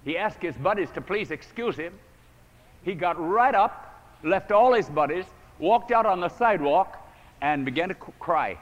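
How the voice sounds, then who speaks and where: A man with a fairly high, lively voice tells a sermon story, dropping to a hush and then rising to near shouts as he acts out the scenes. The sound carries a long reverb, as if recorded in a large hall. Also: normal speed, lo-fi sound. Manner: dramatic, acts out quoted voices with big swings in volume. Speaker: preacher.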